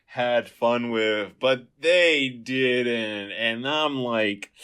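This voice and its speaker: A man co-hosting a podcast in casual chat, excitable and rambling with lots of filler words. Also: mid-range voice, extremely slow, clear, resonant tone. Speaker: podcast co-host.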